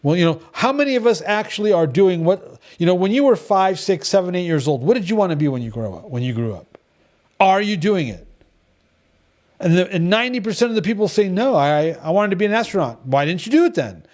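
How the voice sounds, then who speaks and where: A middle-aged man leads a devotional gathering in casual talk, telling stories bluntly with many restarts. His voice sits high with big pitch swings and a darkish tone, and he speaks briskly.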